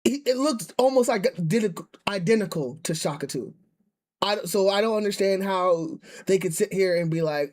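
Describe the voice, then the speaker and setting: A man's voice: sits high, expressive, moderate pace, a little mellow. A man streaming and reacting, ranting in casual chat with many restarts and rambling asides.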